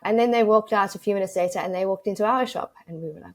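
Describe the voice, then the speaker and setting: A woman from Africa, a podcast guest telling stories in a lively way. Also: medium pitch, fast. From South Africa. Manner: lively anecdotal storytelling. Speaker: guest, audit expert. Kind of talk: podcast interview storytelling.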